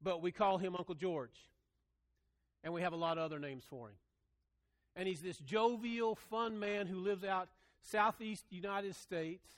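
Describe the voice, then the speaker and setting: A middle-aged pastor delivers a sermon in an unusually high voice for a man. He preaches earnestly, building rhythm through repeated phrases, and slips into folksy storytelling. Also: measured pace.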